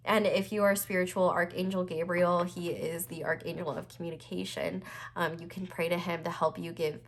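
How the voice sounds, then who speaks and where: A woman's voice: lowish voice, a little hiss or hum. Earnest young woman, stuffy-nosed. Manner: earnest, reassuring, rambling with fillers. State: stuffy nose, tearful. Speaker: tarot reader. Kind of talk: casual pick-a-card tarot reading.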